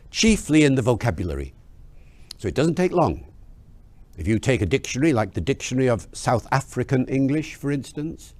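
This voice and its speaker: A man explaining language change in an interview, telling lively anecdotes and asking rhetorical questions. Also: mid-range voice, dry recording. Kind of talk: explanatory storytelling.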